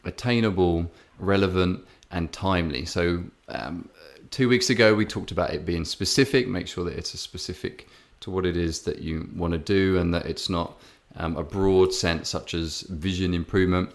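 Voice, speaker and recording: A man's voice: sits low, normal speed, hardly any pauses. A man with an English accent, telling a story in a rambling way with many fillers and restarts, co-hosting a podcast. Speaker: podcast co-host. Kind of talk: casual podcast chat.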